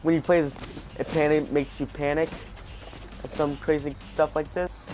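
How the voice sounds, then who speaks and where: A man giving casual let's play commentary, panicking out loud and repeating his exclamations. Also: a little high, flat delivery, normal speed, soft background music. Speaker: gaming video host.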